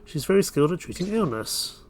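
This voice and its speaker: A man voicing a courtly royal advisor who briefs the king, in a formal, measured way. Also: on the high side, big pitch swings, darkish tone, voice pushed up.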